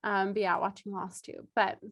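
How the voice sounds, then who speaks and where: A young woman co-hosting a podcast, telling stories in an animated way and acting out the people she quotes, with frequent laughter. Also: medium pitch, normal speed. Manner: animated storytelling, acts out quoted voices, laughs often. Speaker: podcast co-host. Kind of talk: casual chat.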